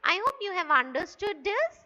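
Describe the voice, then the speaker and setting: A woman teacher giving a classroom lecture on intonation, speaking slowly and deliberately. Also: very animated, sharp tone. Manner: slow, deliberate, demonstrating pitch on example sentences. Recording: dull lo-fi recording.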